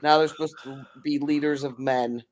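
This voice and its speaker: A woman's voice: low voice, steady tone, moderate pace, a little mellow. A woman who is a regular on the show, chatting casually and making blunt, wry asides. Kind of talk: casual bar banter.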